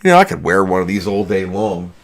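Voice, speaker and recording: Low-voiced man rambling on a livestream. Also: big pitch swings, fairly quick. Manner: rambling, joking, answers chat questions as they come in. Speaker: livestream host. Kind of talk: casual livestream chat. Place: home studio in a basement.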